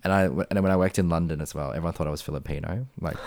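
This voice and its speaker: A young Australian man chatting as a podcast co-host, animated and acting out the voices in his stories. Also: deep voice, fast, no room sound, studio quality. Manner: animated storyteller, acts out quoted voices. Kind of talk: casual chat.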